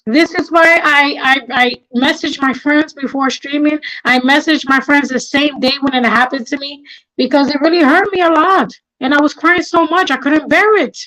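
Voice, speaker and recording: This livestream host, a middle-aged woman, has a high, fairly bright voice at normal speed, captured with poor audio. Her emotional talk is angry and passionate, and she says things again and again for emphasis.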